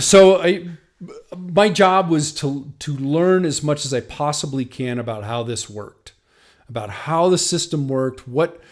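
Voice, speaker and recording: A man with a somewhat high-pitched voice tells a personal story in an unscripted, chatty way. He voices the other person and himself in quick turns. His talk is full of restarts and filler phrases. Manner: animated retelling, acts out both sides of dialogues; frequent restarts and "you know" fillers. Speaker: patent agent and podcast host. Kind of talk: casual storytelling monologue.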